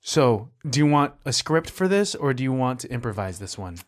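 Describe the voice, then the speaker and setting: A man's voice: medium pitch, sing-song, normal speed. Brief: male podcast host, Bronx accent, playful improv energy. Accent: New York, Bronx. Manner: playful, barks set calls loudly. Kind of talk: improvised comedy bit, playing a director.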